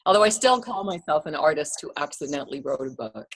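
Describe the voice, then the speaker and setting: Candid woman author with a low voice. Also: animated, fast talker. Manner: candid, self-deprecating, frequent fillers and laughs. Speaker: author and artist guest. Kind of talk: remote interview conversation. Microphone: computer mic without headset on a video call.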